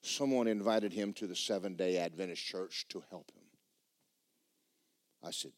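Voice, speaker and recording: A man preaching a sermon in church, jumping between loud, high shouts and low muttered asides, mimicking skeptics as he tells stories. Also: moderate pace, pauses often, dry recording. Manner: storytelling, mimics skeptics mockingly. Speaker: pastor.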